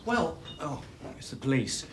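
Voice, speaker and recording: A nervous young man who stumbles and hesitates as he answers questions. A clear hiss runs under the old TV soundtrack. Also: on the high side, big pitch swings, a little slow.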